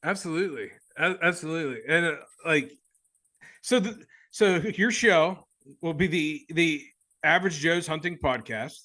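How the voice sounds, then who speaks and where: Man, Southern US twang, bright and a bit high, excitable rambling podcast host. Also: normal speed. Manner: excitable, laughs a lot, rambling. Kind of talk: casual chat.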